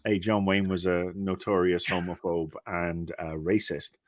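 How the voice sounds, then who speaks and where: A British man in his fifties co-hosting a podcast, chatting casually with blunt, profane, animated ranting. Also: deep voice, a little slow, dry recording, studio quality. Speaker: podcast co-host. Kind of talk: casual chat.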